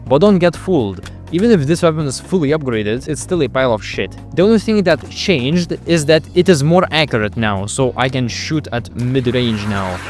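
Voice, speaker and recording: A man's voice: mid-range voice, lively intonation, moderate pace, few pauses. A young man doing a sarcastic, profane comedic voice-over of a video game. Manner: sarcastic, profane, mock-dramatic. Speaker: gaming video creator. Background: game music.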